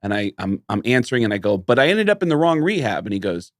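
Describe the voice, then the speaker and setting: A man's voice: lowish voice, sing-song, fast, no room sound, clean studio sound. A man, a comedian guest, telling a long story in casual podcast talk and acting out the quoted dialogue.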